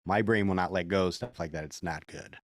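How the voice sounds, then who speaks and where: A man's voice: deep voice, a little fast. A man co-hosting a podcast, chatting casually, reacting to stories and cracking jokes. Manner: jokey, reactive listener. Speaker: podcast co-host. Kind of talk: casual chat.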